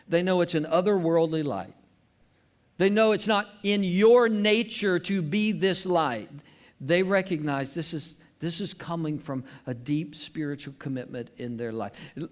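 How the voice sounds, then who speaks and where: A man preaching a sermon as pastor at a church service, earnest and emphatic, repeating his key phrases. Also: on the high side.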